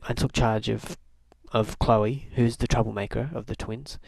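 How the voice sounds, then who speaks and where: A man's voice: lowish voice, steady tone, normal speed, gravelly, darkish tone, slightly rough, no echo. Rambling young man, dry close sound. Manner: meandering, lots of fillers and restarts, wry storytelling. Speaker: video blogger. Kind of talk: casual rambling diary talk.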